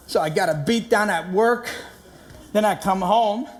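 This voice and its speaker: Fast, animated man telling a stage story. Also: high voice. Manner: rapid, animated storytelling with slang and swearing. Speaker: comedian and stage performer. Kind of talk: one-man stage show.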